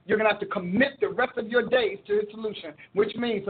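A woman preacher and show host teaching in a sermon style, expressive and quick to laugh, acting out her prayers. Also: medium pitch, slightly rough. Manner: expressive, acts out prayers and quotes, laughs often. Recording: tinny phone-like audio.

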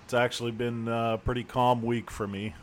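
A man's voice: mid-range voice, flat delivery, moderate pace, a crowd in the background. A man co-hosting a podcast, laid back, laughing along and cracking dry jokes. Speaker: podcast co-host. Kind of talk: casual chat.

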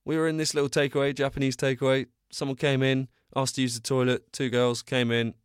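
A man's voice: mid-range voice, flat delivery, brisk, clear, resonant tone, no echo, studio quality. A young man hosting a solo podcast, chatting casually in a rambling, self-deprecating way and telling stories with bursts of energy. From England. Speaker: podcast host.

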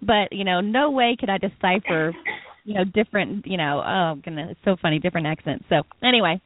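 A woman's voice: fairly low pitch, brisk, a little hiss or hum. A woman co-hosting an interview podcast in casual chat, rambling off on tangents. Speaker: podcast co-host. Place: Costa Rica. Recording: dry tinny phone-like line.

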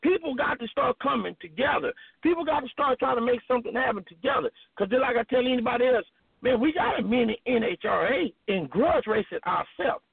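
A man talking on a phone-in show, animated and rambling, with lots of emphasis. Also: extremely high pitch, a little fast, creaky, breathy edge, no echo. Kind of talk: casual phone-in chat. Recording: tinny phone line.

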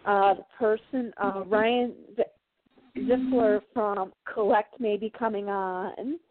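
A woman's voice: mid-range voice, fairly even intonation, slow, no room sound. A woman co-hosting a casual podcast, chatting and rambling with fillers. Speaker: podcast co-host. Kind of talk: casual chat. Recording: tinny phone-like line, dry.

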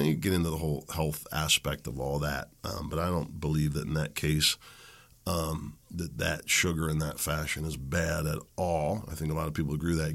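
A middle-aged man with a very low, gravelly voice chats through a solo podcast episode. He rambles frankly, stopping for ums and asides, and corrects himself as he goes. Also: a bit bright. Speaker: podcast host. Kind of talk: casual solo podcast monologue.

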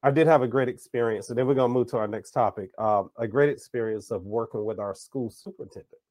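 This podcast host talks fast in a mid-range voice, with no echo on the recording. He's an animated storyteller who acts out the voices he quotes during a casual conversational interview.

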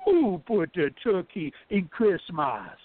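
A man's voice: high voice, huge pitch swings, slow, no echo, pitched above the performer's own voice, exaggerated voice. A man reading a poem on a phone call, voicing a curious young male turkey in a Jamaican accent. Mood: pleading. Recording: phone-line call-in audio.

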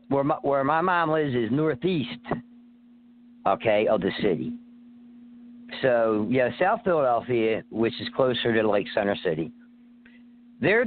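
A man's voice: medium pitch, a little hiss or hum. Rambling profane man on a tinny phone line. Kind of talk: casual phone-in chat.

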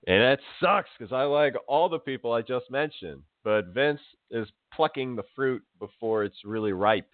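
A man co-hosting a casual wrestling podcast, chatty and quick to laugh. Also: medium pitch, lively intonation, no room sound. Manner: chatty, laughs often, mimics crowd chants. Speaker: podcast co-host. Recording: tinny phone-like line, dry.

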